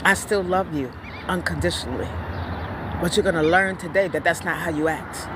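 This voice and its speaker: A woman giving blunt, profane parenting opinions in a casual vlog rant, telling stories in an animated way. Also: fairly low pitch, moderate pace, heavy background noise.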